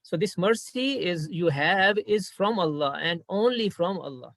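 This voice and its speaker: A man gives a patient grammar lesson in a slightly raised voice. He repeats key points and recites short verses at a quick clip. The sound is dry and close. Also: high-pitched, lively intonation, fairly bright tone, no echo. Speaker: Quran grammar teacher. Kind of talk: explaining Arabic grammar lesson.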